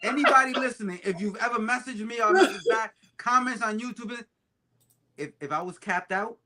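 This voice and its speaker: A man co-hosting a casual podcast chat, talking emphatically and swinging between loud and soft. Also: high-pitched, moderate pace. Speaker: co-host.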